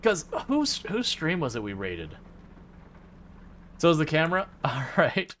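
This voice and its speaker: A man's voice: on the high side, wildly swooping pitch, measured pace, a bit bright, a little hiss or hum. Chatty man streaming a truck game. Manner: chatty, rambling, full of fillers, playfully mocks the game. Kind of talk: casual live-stream chat.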